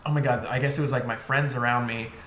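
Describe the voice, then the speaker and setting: A young man chats casually on a podcast, telling a story and acting out the voices of the people in it. He speaks at a middling pitch and swears freely. The room sounds echoey, with faint noise behind him. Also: fairly even intonation, fast, a bit bright. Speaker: podcast co-host. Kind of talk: casual chat.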